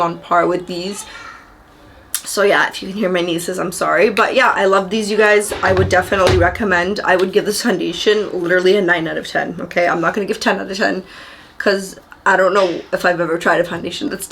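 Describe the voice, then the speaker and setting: A woman's voice: on the low side, fairly bright tone, a little hiss or hum. A young woman talking casually to camera in a makeup review video, gushing and chatty, addressing her viewers directly from a room at home. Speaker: beauty vlogger. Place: upstairs room at a family home.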